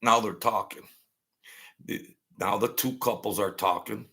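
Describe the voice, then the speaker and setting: A man's voice: lowish voice, fairly even intonation, measured pace, bright, forceful tone. A man telling stories from his past in a loose, rambling way, swearing freely and skipping details with "blah, blah, blah.". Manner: rambling and profane, fills gaps with "blah, blah, blah". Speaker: storyteller recounting his past. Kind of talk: casual spoken storytelling.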